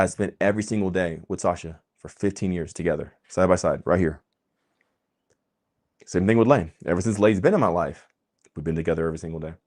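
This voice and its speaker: A man with a very low voice lectures his viewers in a fired-up, preachy monologue. He pushes hard on key words, jumps to loud bursts, then drops to near-quiet asides. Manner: emphatic, preachy, swings between loud and quiet. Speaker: vlogger host. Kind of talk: impassioned monologue.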